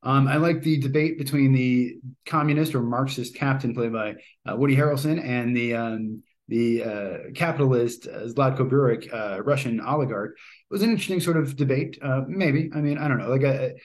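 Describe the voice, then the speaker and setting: A man's voice: mid-range voice, moderate pace. A man giving a casual, rambling spoken movie review, with lots of fillers and restarts.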